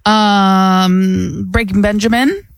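Creaky-voiced female radio co-host. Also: medium pitch, steady tone, drawn-out words, no echo. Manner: dry, matter-of-fact, reads items and quiz clues. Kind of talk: casual on-air banter.

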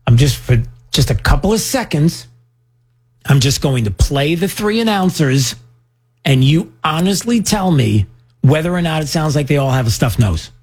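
A man from New York hosting a radio talk show, chatting casually and teasing his co-host in a playful, animated way. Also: a little high, normal speed, slight background noise.

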